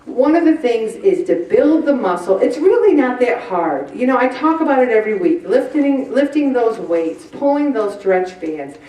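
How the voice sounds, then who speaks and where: A woman leading a weight-loss group presentation, chatty and animated, acting out little voices. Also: on the high side, normal speed, few pauses. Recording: roomy echo from far off the mic.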